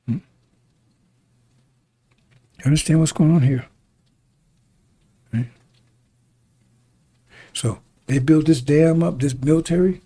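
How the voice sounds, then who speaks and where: A man's voice: fairly high pitch, slow, pauses often, mellow, breathy edge, no echo. A man preaching a sermon in an emphatic, repetitive way, often turning to ask his listeners if they understand.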